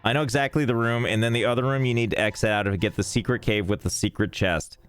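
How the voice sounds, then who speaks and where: A man with a lowish, smooth voice speaks fast and fairly evenly while live-streaming a video game, bantering and joking with chat, rambling and swearing freely. Faint music sits in the background.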